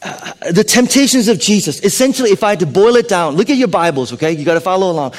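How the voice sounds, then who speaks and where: A male pastor preaching a sermon to his congregation. He swings between loud emphatic lines and hushed, whispered asides. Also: high voice, expressive, fast talker. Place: church sanctuary. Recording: long hall reverb.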